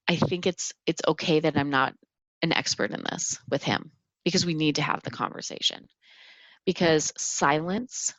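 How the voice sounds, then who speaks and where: A woman in her thirties hosts a solo podcast in a low, grounded voice. She talks earnestly and haltingly, restarting her sentences often. The sound is dry and a little dull. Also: fairly bright tone, dry recording. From Minnesota. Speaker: podcast host. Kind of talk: reflective solo podcast talk.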